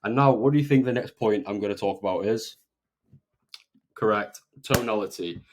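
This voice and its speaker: A young man coaches on sales in a fast, emphatic monologue. His voice sits slightly low, and his pitch climbs when he gets excited. He lands point after point with a punchy "okay?". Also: background noise. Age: 20s. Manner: energetic, emphatic, often tags "okay?". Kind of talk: motivational talk to camera.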